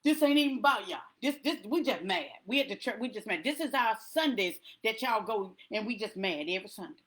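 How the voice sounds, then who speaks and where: A woman's voice: medium pitch, lively intonation, brisk, a bit bright. A woman preaching to a congregation in an emphatic, repetitive rallying cadence.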